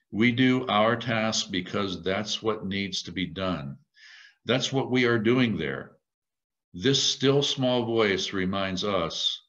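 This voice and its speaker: A man giving a reflective sermon, measured and thoughtful, with slow emphatic repetitions. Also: sits low, a bit bright, lo-fi sound. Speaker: lay preacher.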